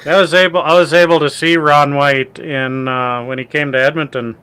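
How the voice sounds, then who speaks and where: A man in a casual chat who speaks haltingly, often restarting his sentences. His voice is high and bright, with a tense edge. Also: fairly even intonation, a little hiss or hum.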